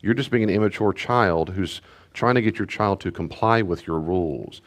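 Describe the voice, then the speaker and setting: A man's voice: deep voice, moderate pace. A middle-aged man, a pastor, teaching parents in a conversational way, repeating key phrases and acting out parent and child voices. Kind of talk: teaching talk to a church group.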